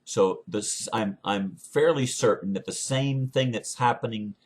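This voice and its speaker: A man from the United States talking in an earnest, unscripted monologue, often halting and restarting his phrases. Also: fairly low pitch, husky. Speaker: speaker sharing beliefs.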